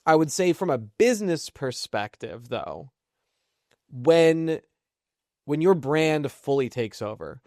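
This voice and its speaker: A man's voice: a little high, animated, slow pace, darkish tone, dry recording, clean studio sound. A man co-hosting a podcast, telling business stories in casual chat and laughing between points. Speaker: podcast co-host.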